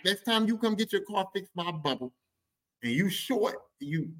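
A man telling a comic story on his podcast, animated and profane, repeating lines for emphasis. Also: high-pitched, moderate pace. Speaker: podcast host.

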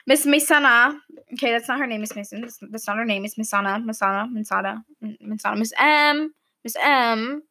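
A young woman telling a casual storytime to camera in a chatty, animated way, acting out what her teachers said. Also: fairly high pitch. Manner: chatty, animated, mimics teachers in quoted lines. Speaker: vlogger. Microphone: camera mic, speaking to camera.

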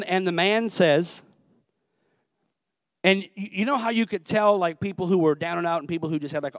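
A young pastor tells a story from the pulpit in a loose, conversational way. His voice sits slightly high for a man. The recording is dry and close, with no room echo. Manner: conversational storytelling, Southern phrasing. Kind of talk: sermon with personal story.

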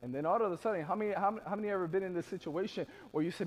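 A man preaching a sermon, building from quiet asides to shouted peaks and acting out the voices of biblical people in casual modern speech. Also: sits high, expressive, fast talker, few pauses. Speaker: pastor.

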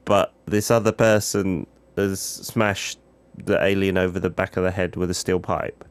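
A co-host in casual chat, jokey and chatty, with frequent murmured replies. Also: male voice, deep voice, level tone, unhurried, clear, resonant tone. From United Kingdom. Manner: chatty, jokey, lots of back-channel. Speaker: podcast co-host.

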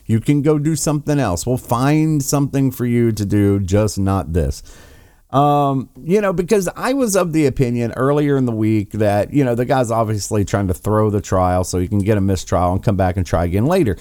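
A man's voice: mid-range voice, lively intonation, moderate pace, mellow, no room sound, studio quality. A man commenting on trial clips in a mocking, profane, sarcastic way. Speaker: political commentator.

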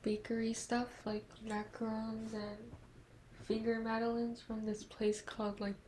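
Teen girl co-host, slow and easygoing, slightly high. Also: monotone, darkish tone, a little hiss or hum. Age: teens. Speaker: podcast co-host. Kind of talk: casual chat.

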